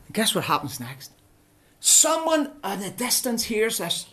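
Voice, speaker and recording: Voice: mid-range voice, measured pace. Playful storyteller for children. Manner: playful, animated, keeps asking the children questions. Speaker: preacher telling a story to children. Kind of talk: children's Bible story talk.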